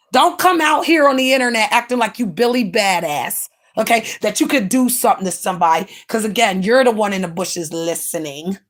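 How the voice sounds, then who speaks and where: A woman's voice: a little high, fairly bright tone. A woman from the United States, livestreaming in blunt, brash and mocking casual chat.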